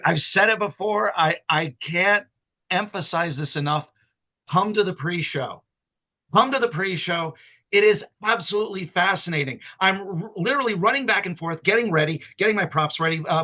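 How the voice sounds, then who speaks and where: An excitable man with a high, bright voice banters as a guest magician on a live stream. His talk is playful and full of stammering restarts. He comes through a video call mic. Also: fairly quick, highs cut off.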